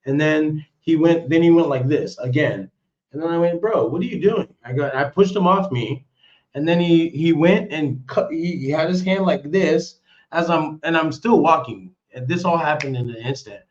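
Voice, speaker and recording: A man's voice: fairly high pitch, normal speed, darkish tone, dull audio. A man telling a story on a live stream in casual, rambling talk, cursing and restarting his sentences often. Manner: rambling, profane, with many restarts.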